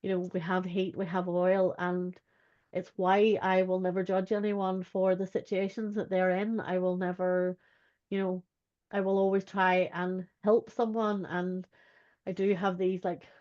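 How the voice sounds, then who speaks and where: A woman's voice: fairly low pitch, little pitch movement, a little slow, a little mellow. A woman, talking earnestly as a podcast guest, with "like" in most sentences. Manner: earnest, uses "like" a lot. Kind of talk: candid personal chat. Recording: dull lo-fi sound.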